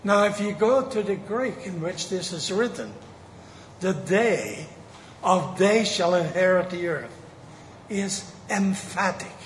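A man preaching a sermon, slow and emphatic, drawing out the key words. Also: high-pitched, lively intonation, slight background noise. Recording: echoey hall with faint ambience.

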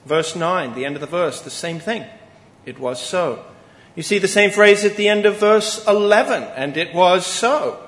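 A man preaching a Sunday morning sermon, earnest and emphatic, pausing deliberately on key phrases. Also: high voice, fairly even intonation, fairly bright tone. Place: church sanctuary. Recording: echoey church hall with long reverb.

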